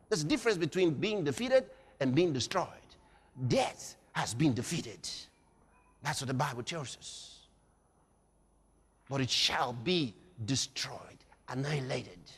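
A man preaching a sermon dramatically, swinging from shouts to quiet and acting out scenes. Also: medium pitch, animated, measured pace, breathy edge. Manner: dramatic, shouting at peaks then dropping quiet, acts out scenes. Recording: echoey hall.

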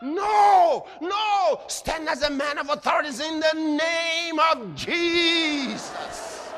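A man, preaching a sermon as pastor in a dramatic way that swings from hushed to shouted. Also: very high-pitched, slow, slight background noise. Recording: echoey hall.

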